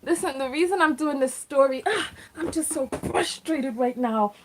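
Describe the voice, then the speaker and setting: A woman hosting a casual live stream from her RV, talking to viewers in an animated, exasperated way. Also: sits high, normal speed, a little hiss or hum. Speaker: host.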